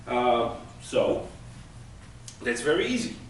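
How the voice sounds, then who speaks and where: A man's voice: mid-range voice, sing-song, slow. A man teaching a class, patiently explaining with everyday examples. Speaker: Hebrew teacher. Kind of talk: classroom lesson. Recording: echoey room from far off, faint noise.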